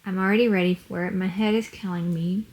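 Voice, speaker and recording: Chatty mom vlogger at home. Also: female voice, lowish voice, steady tone, brisk, darkish tone. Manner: chatty, prompts her daughter with questions. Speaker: family vlogger, single mom. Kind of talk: casual chat. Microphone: handheld camera.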